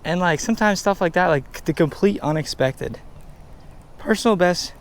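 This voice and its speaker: A young man from Delaware filming his own fishing trip, exclaiming and chatting excitedly beside a pond. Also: high voice, moderate pace. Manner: excitable, exclaiming, mild slang. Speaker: fishing vlogger. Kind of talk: excited casual vlog commentary. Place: outdoors by a pond.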